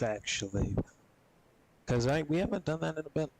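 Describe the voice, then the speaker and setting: A man streaming games, chatting casually and rambling with a lot of swearing, coughing and clearing his throat often. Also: mid-range voice, expressive, moderate pace, pauses often, a little mellow, rough recording. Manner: profane, rambling, laid-back. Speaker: gaming streamer.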